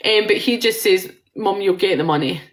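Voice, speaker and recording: A woman's voice: mid-range voice, normal speed, low-quality recording. A Scottish woman in her forties giving a live psychic reading in a rambling, chatty way, swearing and laughing now and then.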